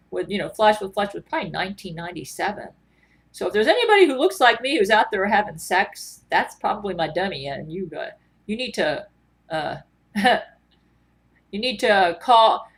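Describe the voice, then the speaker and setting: A woman's voice: medium pitch, a bit bright. A woman vlogger in a rambling, earnest monologue, full of ums and restarts. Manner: rambling, filler-heavy, earnest.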